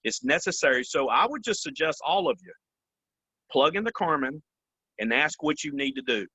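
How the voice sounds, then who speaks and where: A man's voice: fairly high pitch, animated, moderate pace, bright, forceful tone, breathy edge, no echo, poor audio. Earnest guy on a video call, keeps saying "man" and "you know", dry close sound. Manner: earnest, repeats phrases, says "man" and "you know" often. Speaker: company vice president, interview guest. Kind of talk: candid interview answers.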